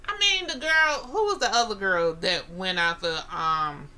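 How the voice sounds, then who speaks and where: A woman co-hosting a casual talk radio show, animated and talking over the others with mild swearing. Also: medium pitch, measured pace. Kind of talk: casual chat.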